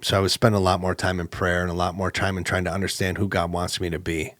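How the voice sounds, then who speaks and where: A man co-hosting a podcast, telling a personal story in a casual, animated way with lots of fillers. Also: quick pace, dry recording. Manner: animated, acts out quoted exchanges with jumps in pitch; conversational, with many fillers and restarts. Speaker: podcast co-host.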